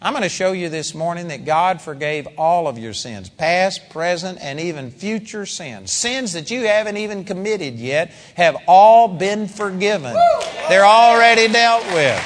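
Male Bible teacher, live seminar sermon, fairly high voice, long hall reverb, emphatic. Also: a little hiss or hum. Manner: animated, emphatic preaching with acted-out quotes.

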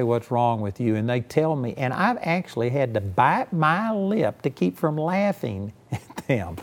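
A man's voice: fairly high pitch, darkish tone. A man preaching a conversational sermon, folksy and emphatic, telling personal stories to make his point. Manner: folksy, storytelling, emphatic, frequent "you know".

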